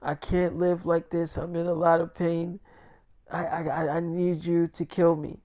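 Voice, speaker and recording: A man voicing a weak, wounded old man who speaks in a faint, breathy near-whisper. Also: high-pitched, fairly even intonation, fairly quick, darkish tone, natural voice. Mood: weak pleading.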